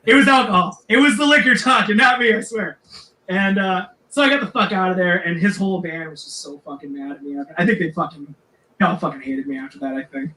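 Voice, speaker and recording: High-voiced metal singer dude, cussing nonstop, echoey room. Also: male voice, fast talker. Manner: profane, rambling, animated. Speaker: podcast guest, metal singer. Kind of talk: casual storytelling chat.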